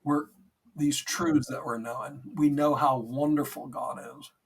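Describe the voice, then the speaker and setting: A man with a slightly raised pitch talks earnestly and reassuringly on a faith podcast. He takes his time, with a relaxed, unhurried delivery. His voice sounds a little distant from the microphone. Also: breathy edge. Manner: earnest, gentle, reassuring, with many "you know"s. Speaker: podcast co-host. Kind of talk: conversational faith talk.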